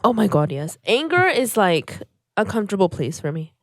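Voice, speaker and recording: A woman's voice: medium pitch, big pitch swings, moderate pace, dry recording, studio quality. A woman co-hosting a casual podcast chat, talking candidly about her own flaws. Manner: candid, self-deprecating. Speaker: podcast co-host.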